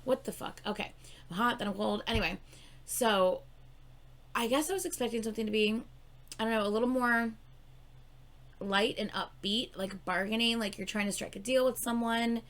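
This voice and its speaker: Yawning and worn out in a late-night session, this music reaction YouTuber offers laid-back commentary punctuated by thrilled exclamations and swearing. She has a fairly high voice, talks at a normal speed, and leaves long pauses.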